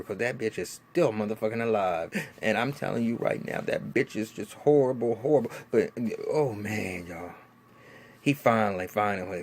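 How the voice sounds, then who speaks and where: A man giving a casual vlog review of a TV episode, animated and profane, with lots of restarts and laughing asides. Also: lowish voice, slight background noise. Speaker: TV show reviewer.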